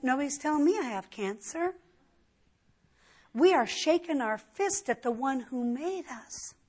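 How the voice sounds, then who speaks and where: A middle-aged woman preaching a sermon as a Bible teacher, earnest and emphatic, pushing her voice up sharply to stress a point. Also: on the high side.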